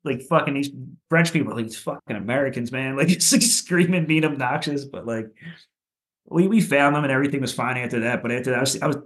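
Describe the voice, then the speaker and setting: A man from Philadelphia, a punk rock musician, telling loose, profane stories on a podcast, with lots of filler and a voice that jumps higher at the funny parts. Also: quick pace. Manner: loose and profane, with many "like"s and "you know"s; animated, goes higher when telling funny bits. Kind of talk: casual podcast storytelling.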